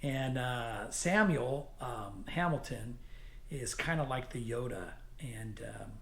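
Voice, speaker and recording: A man's voice: mid-range voice, slow, vocal fry, slight background noise. A man giving a casual, enthusiastic spoken book review, chatty, with many fillers and restarts. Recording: echoey room.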